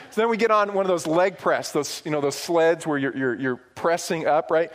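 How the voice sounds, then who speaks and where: A middle-aged man from upstate New York preaching a sermon, telling stories with swings from hushed asides to loud, emphatic points. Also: a little high, normal speed. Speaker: pastor.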